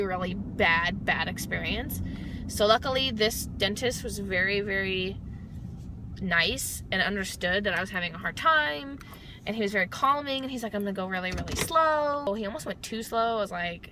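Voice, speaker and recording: A young woman from Texas telling a story in a casual vlog, chatty and full of filler words, her speech a little slurred from a numbed mouth. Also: medium pitch. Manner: chatty, animated quotes, many "like" fillers. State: mouth numb, slightly slurred. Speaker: vlogger. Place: outdoors. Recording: outdoor traffic noise behind. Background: passing cars.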